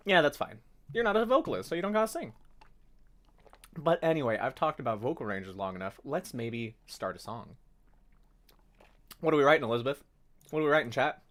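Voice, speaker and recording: A man's voice: medium pitch, a bit bright. Rambling young man chatting on a music stream. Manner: rambling, self-correcting, breaks into sung notes. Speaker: livestream host. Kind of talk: casual livestream chat about songwriting.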